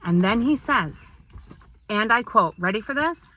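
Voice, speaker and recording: A woman's voice: on the high side, animated, unhurried, bright, forceful tone. A woman vlogger ranting to camera in an indignant, exasperated tone, firing off repeated rhetorical questions. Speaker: parent and business owner.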